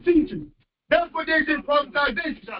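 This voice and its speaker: Very high-pitched man shouting in a lo-fi clip. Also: normal speed. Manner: shouting, confrontational. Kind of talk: heated street confrontation in a played clip. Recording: muffled lo-fi clip audio.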